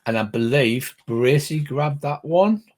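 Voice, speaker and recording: A man's voice: on the high side, lively intonation, a little mellow. Patient man running a tabletop game. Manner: measured, explains rules patiently. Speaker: game master.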